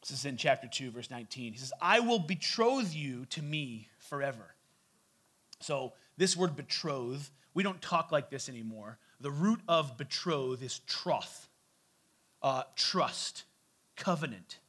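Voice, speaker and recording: A man's voice: mid-range voice, animated, a little slow, fairly bright tone, husky. A man in his forties preaching a sermon in a loose, conversational way, with asides to the congregation. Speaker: pastor.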